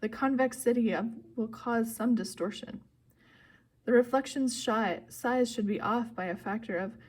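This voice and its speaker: A woman voicing a clever teenage girl who talks in a brisk, urgent, matter-of-fact way, pitched a bit higher than her narration. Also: darkish tone, natural voice.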